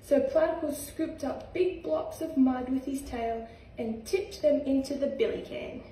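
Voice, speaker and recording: Australian woman, young, storybook reading, mellow tone, echoey room heard from a distance. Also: high-pitched, measured pace, a little hiss or hum. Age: young adult. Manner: gentle, sing-song rhymes. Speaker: reader, footballer. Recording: echoey room, far from mic.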